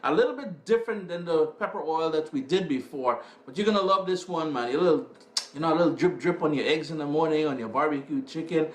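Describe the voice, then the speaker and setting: A man's voice: on the high side, quick pace. A man hosting a home cooking demonstration in an upbeat, chatty way, recorded in his kitchen. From Caribbean. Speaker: cooking show host. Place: home kitchen and living room.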